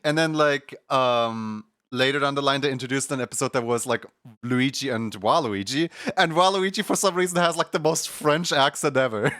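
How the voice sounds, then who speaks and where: A man streaming, chatting casually in an animated, rambling way with lots of fillers and laughter. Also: mid-range voice, moderate pace, smooth, no echo, clean studio sound.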